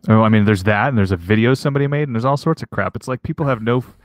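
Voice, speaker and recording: A man co-hosting a podcast, excitable and rambling in jokey casual chat. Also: on the low side, racing, dry recording. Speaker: podcast co-host.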